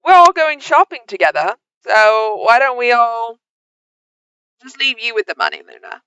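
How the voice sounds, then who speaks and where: A woman's voice: a little high, sing-song, normal speed, sharp tone, clean tone, low-quality recording. A woman voicing a sly, meddling young man in a tabletop game, with a teasing, knowing tone. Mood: scheming.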